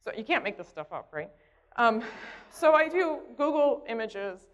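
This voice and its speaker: A woman's voice: fairly high pitch, big pitch swings, moderate pace, fairly bright tone. A woman telling a story at a conference, chatty and conversational, often checking in with the audience. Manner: conversational, keeps asking "right?". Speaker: conference speaker. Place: conference hall stage. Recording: dull sound in a reverberant hall.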